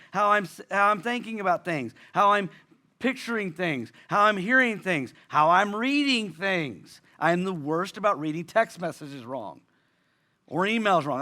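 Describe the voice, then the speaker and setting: Male pastor, high bright voice; conversational sermon delivery, repeats lines for emphasis. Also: lively intonation, moderate pace.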